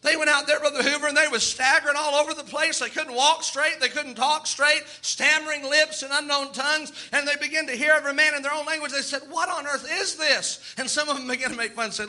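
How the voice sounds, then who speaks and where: A man preaching a sermon in a folksy, animated way, slipping into quoted asides. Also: extremely high pitch, a little fast, few pauses.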